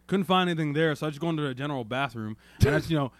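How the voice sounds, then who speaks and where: A man's voice: fairly high pitch, rapid-fire. A man telling a crude story in a casual podcast chat, swearing constantly and laughing as he goes. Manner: profane, laughs through his story. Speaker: podcast co-host.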